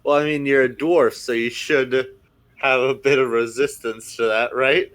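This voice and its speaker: A man's voice: medium pitch, steady tone, normal speed, a bit bright. A man playing a tabletop game, hesitant and stammering as he declares his moves. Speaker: player. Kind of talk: casual tabletop play.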